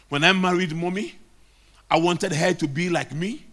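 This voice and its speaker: A man's voice: high voice, normal speed, a bit bright. A middle-aged man with a Ghanaian English accent preaching a sermon, emphatic and repeating key lines. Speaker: pastor.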